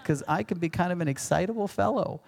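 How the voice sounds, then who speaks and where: A middle-aged man delivers a sermon in a relaxed, conversational way, teasing himself along the way. His voice sits a touch high and has a gravelly edge. He sounds like a pastor who chats with the church family more than he lectures them. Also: fast talker. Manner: conversational preaching with self-deprecating humor, animated impressions.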